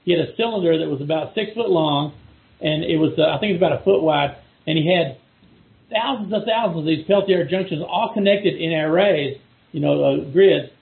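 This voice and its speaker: A man's voice: a little high, fairly quick, creaky. A middle-aged man from Texas with a Texan accent, rambling in casual chat with many restarts and repeated words as a guest on a call. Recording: phone-like call audio.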